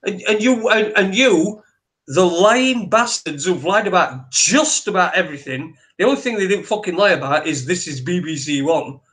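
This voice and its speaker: A man co-hosting a talk show, ranting in sweary, animated bursts with lots of restarts. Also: sits high, normal speed. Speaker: podcast co-host. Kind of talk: ranting opinion chat.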